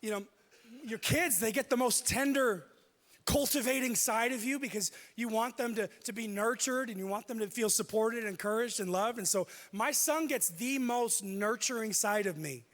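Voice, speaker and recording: A man preaching a sermon, telling a personal story with lively delivery and acting out what people said. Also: extremely high pitch, moderate pace. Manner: animated, acts out quoted speech. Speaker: pastor. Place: church auditorium. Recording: long hall reverb.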